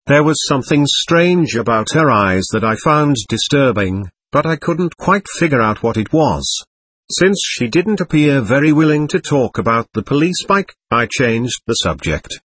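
A man's voice: medium pitch, big pitch swings, normal speed, a bit bright, breathy edge, no room sound. A man narrating a first-person story as an audiobook, with a wry storytelling delivery.

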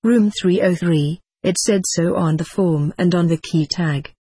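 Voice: mid-range voice, unhurried, warm tone, breathy edge, no echo, studio quality. A reader voicing a cold, impersonal woman behind a hostel desk in a storybook. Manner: cold, curt.

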